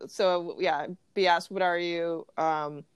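A woman's voice: lowish voice, fairly even intonation, takes it slowly, clean tone, dry recording. A young woman from the Los Angeles area, co-hosting a podcast and telling stories in a casual chat with lots of fillers and restarts. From greater Los Angeles area. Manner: chatty storytelling, many fillers and restarts. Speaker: podcast co-host.

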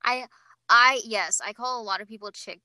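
Young woman podcast co-host, bright voice, fairly high, giggly, mock-offended. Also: moderate pace, no echo. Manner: laughs easily, mock-offended protests. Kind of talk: casual chat.

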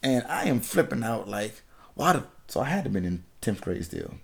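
A podcast host in his thirties, originally from Washington, D.C., recounts a story in loose, profane chat, laughing as he goes. His voice has a gravelly, fry-laced texture at a middle pitch. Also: sing-song, moderate pace. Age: 30s.

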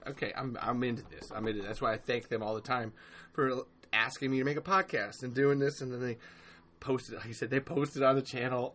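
A man on a solo livestream podcast goes on a profane, rambling rant, restarting often and peppering it with ums, while stopping mid-rant to reply to the live chat. His voice is medium-pitched and fairly bright, with slight background noise.

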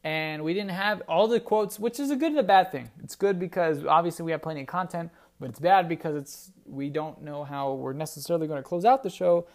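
A man's voice: on the high side, a little fast, few pauses. A man hosting a solo sports podcast, talking casually and rambling with restarts. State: briefly choked up. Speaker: podcast host.

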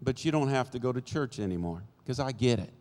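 A man in his sixties voicing his stern but fair father, speaking gruffly as he lays down the house rules. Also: medium pitch, animated, fairly quick, a little mellow, voice pushed down, lightly acted. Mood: firm. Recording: long church-hall reverb.

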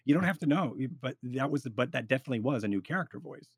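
A man talks through roleplay advice in a loose, animated ramble, restarting his sentences as he goes. His voice sits at an ordinary middle pitch. The sound is dry and close, with no room around it. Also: fast talker, husky, no echo. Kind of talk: casual podcast chat.

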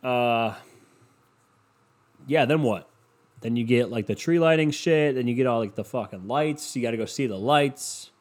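A man's voice: mid-range voice, normal speed, long pauses. A man rambling through a casual solo monologue at home, swearing often and putting himself down. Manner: rambling, profane, self-deprecating.

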